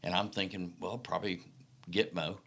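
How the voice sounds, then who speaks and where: Man, middle-aged, deep voice with a bright edge, folksy anecdotes for an interview guest spot. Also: moderate pace. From Mississippi Delta, American South. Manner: folksy, animated anecdotes with acted-out quotes. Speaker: podcast guest. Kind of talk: casual storytelling interview.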